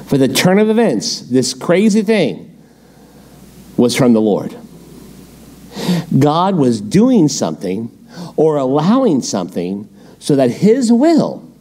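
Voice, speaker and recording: A male pastor teaching a midweek Bible study, animated, firing off rhetorical questions and quips. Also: on the high side, slow, pauses often.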